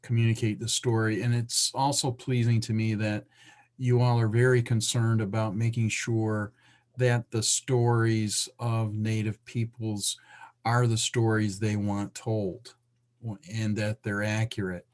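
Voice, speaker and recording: A man attending a session, speaking earnestly and hesitantly on a video call, with many pauses. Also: fairly low pitch, little pitch movement, a little mellow. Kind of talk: casual chat.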